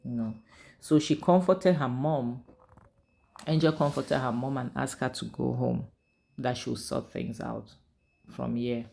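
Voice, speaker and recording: A man recapping a drama episode in an animated, emotional, casual way. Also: mid-range voice, unhurried, creaky, long pauses. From Nigeria. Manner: animated, emotional retelling with conversational fillers. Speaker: drama series reviewer.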